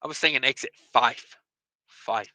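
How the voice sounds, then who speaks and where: A man's voice: mid-range voice, moderate pace, pushed and bright, no echo, rough recording. A man hosting a casual trucking livestream on his phone, reading viewer comments in a loose, joking way. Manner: loose and joking, many fillers and asides.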